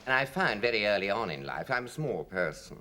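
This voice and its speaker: A man's voice: lowish voice, sing-song, brisk, sharp tone, slight background noise. An older English man interviewed, telling anecdotes theatrically and mimicking voices. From England.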